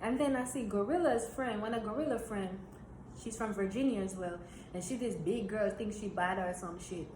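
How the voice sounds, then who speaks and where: A young woman from Jamaica, telling a story in a blunt, animated, swearing way. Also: medium pitch, normal speed. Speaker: vlogger. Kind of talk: storytime vlog. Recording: roomy echo, faint hiss.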